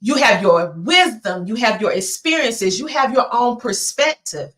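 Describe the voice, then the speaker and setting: Southern-accented woman, motivational speaker, earnest and emphatic, pauses for effect. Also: on the high side, expressive, a bit bright. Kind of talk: motivational presentation.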